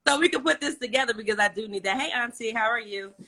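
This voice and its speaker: Bright, chatty woman host. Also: fairly high pitch, fast talker. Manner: laughs often, animated and chatty. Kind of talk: casual online interview.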